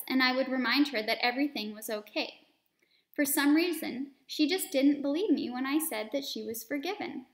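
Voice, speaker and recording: A woman reading a children's story aloud expressively, pausing to explain words and lessons to young listeners. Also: a little high, echoey room.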